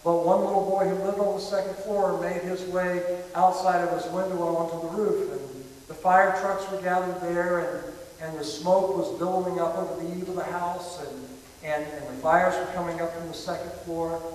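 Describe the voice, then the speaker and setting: A man's voice: high voice, little pitch movement, normal speed, darkish tone. A man preaching a sermon, telling stories and often repeating words as he builds up. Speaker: pastor. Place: church sanctuary. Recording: echoey hall from far off, faint hiss.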